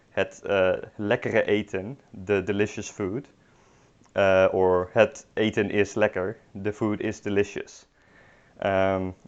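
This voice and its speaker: Young guy teaching a language class, kinda low voice, lots of ums, dry jokes, dull recording. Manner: hesitant, many ums and restarts, dry humor. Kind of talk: online beginner language lesson.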